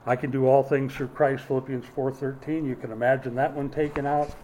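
A man's voice: medium pitch, little pitch movement, a little fast, mellow, a little hiss or hum, poor audio. A man preaching a sermon, emphatic, with dry humorous asides. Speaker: pastor.

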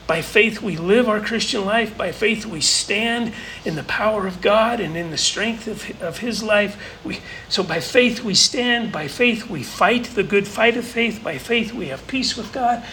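A man's voice: high voice, a little slow, sharp tone, slight background noise, low-quality recording. A man preaching a sermon as pastor, earnest and building his points through emphatic repetition. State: briefly choked up.

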